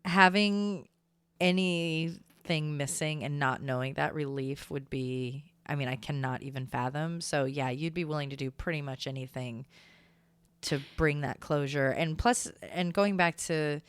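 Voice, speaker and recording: Deep-voiced woman chiming in on a true crime podcast, clear and dry, pretty blunt. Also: a little slow, dry recording. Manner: chimes in with reactions and blunt asides.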